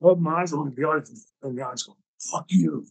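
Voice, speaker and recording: A man hosting his own podcast, telling backstage stories in an animated, profane way and acting out the dialogue. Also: fairly high pitch, rapid-fire, poor audio. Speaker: podcast host. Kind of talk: storytelling podcast talk.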